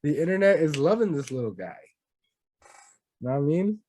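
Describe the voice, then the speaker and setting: A young man co-hosting a gaming podcast, excitable, slangy and casual with swearing. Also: on the high side, normal speed. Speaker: podcast co-host. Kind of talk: casual chat.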